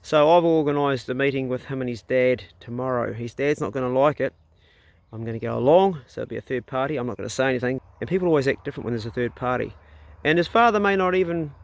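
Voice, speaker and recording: A man's voice: medium pitch, creaky, no echo. Blunt, outspoken New Zealand man. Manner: blunt, outspoken, swears freely. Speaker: vlogger. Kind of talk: casual talk to camera.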